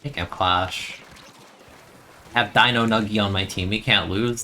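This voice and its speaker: Bright-voiced man rambling over gameplay. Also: fairly low pitch, fairly even intonation, measured pace, a little hiss or hum. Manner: rambling, chatty, laughs often. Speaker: streamer. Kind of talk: casual gameplay commentary.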